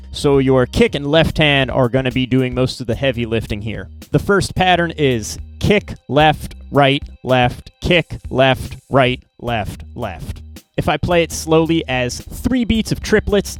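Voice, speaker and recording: A man teaching drum patterns in an informal, relaxed way, counting strokes aloud. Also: fairly high pitch. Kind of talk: instructional explanation.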